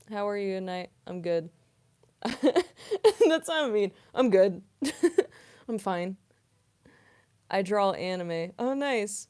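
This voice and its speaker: A woman's voice: lowish voice, gravelly. A young woman voice actress chatting casually on a livestream Q&A, rambling and using lots of fillers. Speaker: voice actress and streamer.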